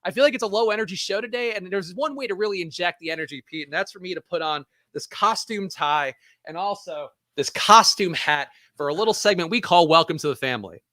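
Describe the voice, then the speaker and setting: Male co-host, fast joking talk, bright voice, dry close sound. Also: high voice, no room sound. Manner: joking, quick, talkative. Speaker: podcast co-host. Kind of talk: casual sports podcast chat.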